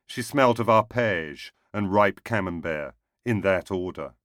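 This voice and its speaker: A man reads a short story aloud in a wry, understated way. His voice sits low. The recording is dry and close-miked. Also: unhurried, a bit bright, no echo. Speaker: narrator.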